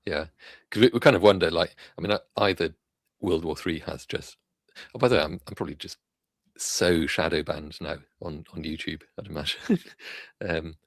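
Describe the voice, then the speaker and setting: A man's voice: deep voice, normal speed, no echo. A man hosting a live tech news stream, chatting casually and rambling with many fillers and restarts. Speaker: livestream host.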